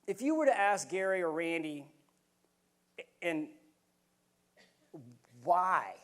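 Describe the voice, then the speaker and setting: A man's voice: high-pitched, big pitch swings, slow pace, a bit bright. A middle-aged man giving a motivational speech at a conference, telling stories in an earnest, folksy way and calling the crowd "y'all". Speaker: keynote speaker. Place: conference hall.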